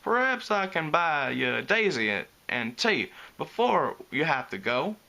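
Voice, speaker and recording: A calm, sly country stallion, as a male reader puts him on, speaking in an unhurried drawl with a lively, swooping pitch and a bright, clear edge to the voice. He sounds easygoing and good-natured. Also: heavily acted. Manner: slow rural drawl.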